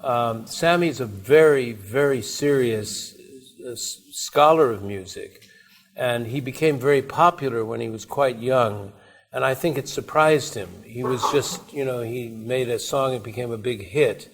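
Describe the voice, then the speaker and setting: A man's voice: medium pitch, a little slow. A man giving a conversational talk at a university, telling anecdotes in a rambling way with frequent restarts and asides. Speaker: invited speaker. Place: university seminar room.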